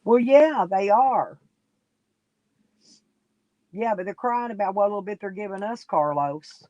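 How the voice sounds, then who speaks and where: A woman's voice: mid-range voice, unhurried, darkish tone, dry recording, lo-fi sound. A woman, sniffly and coughing, chatting casually and folksily with viewers on a live stream. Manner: folksy, rambling, talks straight to chat by name.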